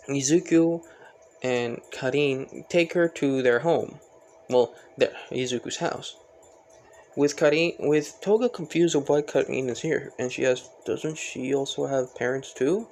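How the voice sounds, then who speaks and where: A man's voice: mid-range voice, a little mellow, a little hiss or hum. A man casually narrating a fan story, rambling with many fillers and self-corrections.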